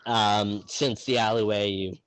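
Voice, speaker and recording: A man running a tabletop game as game master, narrating in an improvised, relaxed way with many fillers and restarts. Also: lowish voice, a little slow, dry recording, poor audio.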